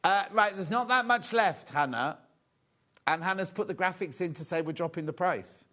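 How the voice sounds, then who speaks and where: A man with a slightly high voice hosts a live TV shopping show from a studio. He keeps up cheerful, chatty sales patter, calls out prices and chats with the crew off camera. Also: moderate pace, pushed and bright. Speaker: shopping channel presenter.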